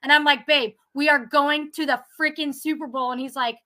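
A woman's voice: high-pitched, steady tone, brisk, pushed and bright. A young woman from Ohio, a contest winner guest, telling her story chattily and acting out what others said. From Ohio, USA. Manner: chatty, acts out quotes, many "like"s. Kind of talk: excited phone interview storytelling.

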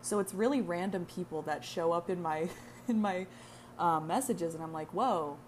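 A woman's voice: lowish voice, moderate pace, a little mellow, slight background noise. A young adult woman from the United States hosting her own podcast, talking candidly in a rambling, profane, self-mocking way. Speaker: podcast host. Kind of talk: casual solo podcast monologue.

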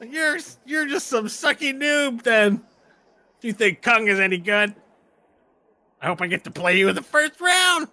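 Shrill squeaky halfling guy, whiny and petty. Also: animated, unhurried, bright, forceful tone, heavily acted. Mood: taunting.

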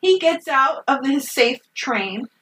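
A woman in casual chat recapping a movie, animated, swearing often and laughing. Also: high-pitched, slow, far from the mic, poor audio.

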